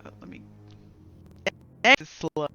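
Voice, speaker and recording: A woman narrating as dungeon master in a casual, halting way, with faint music behind. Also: bright, forceful tone. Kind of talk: narrating a tabletop game.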